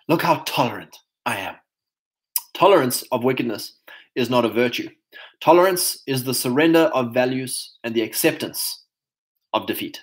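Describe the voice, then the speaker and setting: A man in his thirties hosting a casual livestream, talking emphatically and reading chat comments aloud. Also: mid-range voice. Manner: emphatic, mocking voices of others, reads chat comments aloud.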